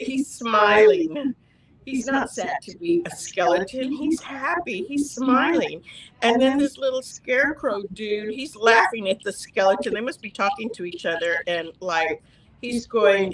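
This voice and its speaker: A woman's voice: a little high, measured pace, low-quality recording. A woman hosting a live fabric store product demo, chatty and gushing.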